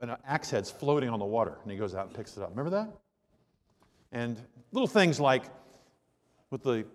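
A man's voice: fairly high pitch, in a large hall. A male pastor preaching a sermon in a conversational, joking storytelling manner with asides to the congregation.

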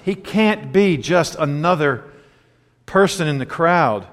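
A man delivers a sermon in a fairly high voice, pressing his points with questions thrown out to the listeners. His words ring out with the long reverb of a big hall. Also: animated, slow. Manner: emphatic, with rhetorical questions to the congregation. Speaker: pastor.

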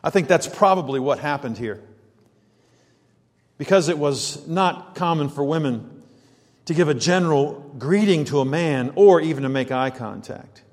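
A man preaching a sermon in an animated way, firing rhetorical questions and acting out quoted lines. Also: a little high, moderate pace, long reverb tail.

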